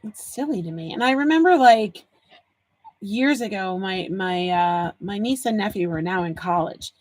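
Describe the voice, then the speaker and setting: Working on a craft project during her live stream, a woman in her forties talks casually with viewers, answering comments and sharing stories. She speaks at a normal speed in a mid-range, slightly mellow voice with lively intonation, and there's no room sound.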